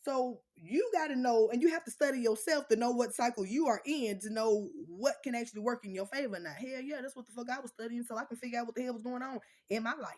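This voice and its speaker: Talking fast and barely pausing, this higher-pitched woman rants to her viewers in a casual vlog. She's a mother, blunt and profane, telling her stories with lots of animation.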